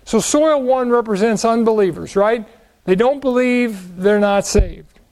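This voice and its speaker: A man's voice: high-pitched, a little slow, a little mellow, rough recording. A man teaching the Bible verse by verse, asking questions and answering them, leaning on key words.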